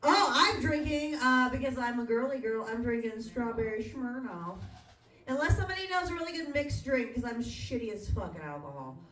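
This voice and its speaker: A woman's voice: fairly high pitch, sing-song, moderate pace, a bit bright, far from the mic. A woman emceeing a live comedy night in a bar, upbeat and hyping up the crowd between acts. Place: bar stage, live audience. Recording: echoey bar from afar with crowd noise.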